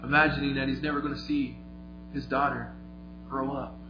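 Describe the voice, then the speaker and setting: A man preaching a sermon, retelling a story vividly, moving between quiet and emphatic delivery. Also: medium pitch, level tone, fairly quick, background noise. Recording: echoey, slightly dull, faint music.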